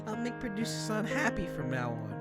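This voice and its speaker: A man voicing a blissful, clingy young idol girl in a visual novel, with a soft and dreamy delivery. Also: high-pitched, very animated, a little fast, loud music behind the voice, voice pushed up.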